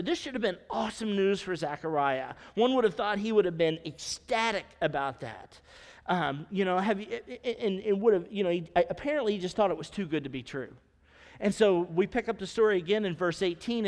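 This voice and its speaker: Male pastor, sermon, high voice, conversational, long church reverb. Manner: conversational, asks the congregation questions. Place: church sanctuary.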